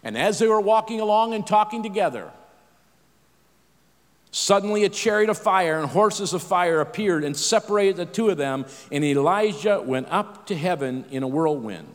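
A man's voice: high voice, expressive, moderate pace, big-room sound. A middle-aged man preaching a sermon in a conversational way, with self-deprecating asides and frequent restarts.

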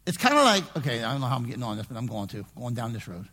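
A man preaching in a church, his slightly husky voice swinging widely in pitch as he moves from quiet asides to shouted emphasis. His words ring out with a long reverb through a large hall. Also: very animated, rapid-fire. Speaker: pastor. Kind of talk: sermon.

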